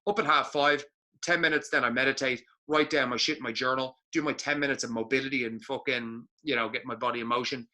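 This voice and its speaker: Bright-voiced, foul-mouthed motivational man. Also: medium pitch, fairly even intonation, quick pace. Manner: blunt, heavy swearing, emphatic repetition. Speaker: podcast co-host. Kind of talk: motivational podcast talk.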